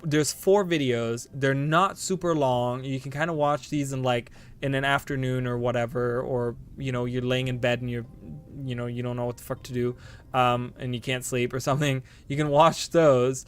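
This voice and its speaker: A man's voice: medium pitch, fairly even intonation, moderate pace, clean tone. A man streaming a game live, rambling to his viewers with bursts of delighted exclamations and casual swearing. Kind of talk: casual live gameplay commentary.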